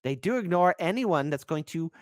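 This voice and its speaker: A man hosting a political commentary livestream, sarcastic and switching between loud outbursts and quiet asides. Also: a little high, lively intonation, normal speed, no echo, studio quality.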